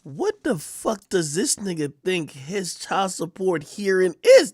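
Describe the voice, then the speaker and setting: A man's voice: sits high, slow pace, no room sound. Sarcastic streamer man in a dry room. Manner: sarcastic, mocking, animated reactions. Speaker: streamer host. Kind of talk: mocking live-stream commentary.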